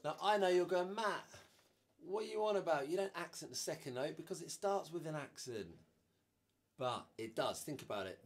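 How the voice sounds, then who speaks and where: A man teaching a drum lesson, casually explaining a groove and counting the beats out loud. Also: on the high side. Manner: relaxed, counts beats aloud.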